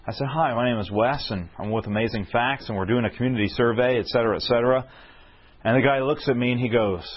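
A man preaching a storytelling sermon, animated and often checking in with his listeners with questions. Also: medium pitch, moderate pace, husky, dull audio.

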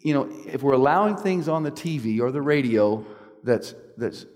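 A man's voice: mid-range voice, expressive, moderate pace, a little mellow, in a large hall. A man giving an earnest preaching talk, often checking in with his listeners with questions. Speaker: speaker at a church meeting.

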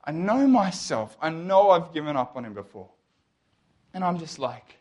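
A young man telling his faith story to an audience, animated and jokey, acting out the lines of the people he quotes. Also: on the high side, normal speed. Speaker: speaker. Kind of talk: testimony talk to an audience.

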